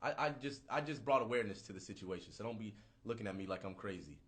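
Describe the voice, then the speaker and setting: A man in his thirties ranting casually on a livestream, profane, rambling and animated. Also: lowish voice, quick pace. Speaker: livestream host.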